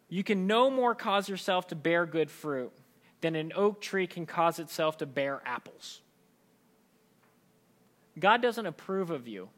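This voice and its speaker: A man in his thirties delivers a sermon in a relaxed, conversational way, as if chatting with his congregation. His voice sits high for a man and rings bright and forward. He keeps things lively by acting out the voices of the people he quotes. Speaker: pastor.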